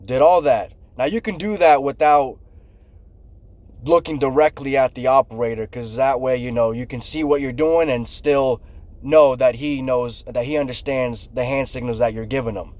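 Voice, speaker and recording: Man, middle-aged, casual storytelling, profane, animated, mid-pitched voice. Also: moderate pace, dry recording. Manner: profane, animated storyteller, acts out shouts and quotes. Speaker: construction worker telling stories.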